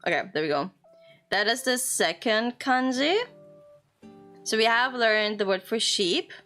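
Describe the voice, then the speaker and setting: A woman's voice: on the high side, expressive, unhurried, sharp tone, faint music behind. A young woman streamer chatting playfully and casually while teaching Japanese words, swearing now and then. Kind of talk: casual live-stream chat.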